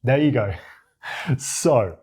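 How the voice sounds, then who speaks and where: A man from Australia with a deep voice, coaching viewers on confident speaking in a demonstrative, animated way. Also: slow, breathy edge. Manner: demonstrative, animated, acts out examples with his voice. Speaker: communication coach. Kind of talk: talking-head tutorial to camera.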